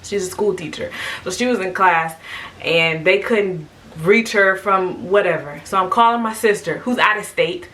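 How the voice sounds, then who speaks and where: Bright-voiced young woman telling a story. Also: fairly low pitch, moderate pace, distant mic, rough recording. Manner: animated, lively, quotes people in raised voices. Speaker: vlogger. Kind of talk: casual storytelling.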